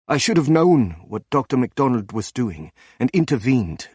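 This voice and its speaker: A man voicing a composed young male academic doctor with a soft German accent, polite and formal. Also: mid-range voice, dry recording, clean studio sound, voice pushed up, lightly acted. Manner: polite, formal, smoothly unruffled.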